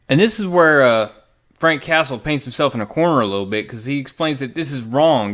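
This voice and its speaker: A man's voice: mid-range voice, normal speed. Man animatedly recapping a comic. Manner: animated storytelling with frequent restarts. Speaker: comic book reviewer. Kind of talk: casual comic book recap.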